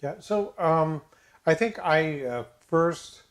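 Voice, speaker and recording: An older man co-hosting a casual chat, halting with many fillers and restarts, dropping jokey asides. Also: on the high side, lively intonation. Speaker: co-host.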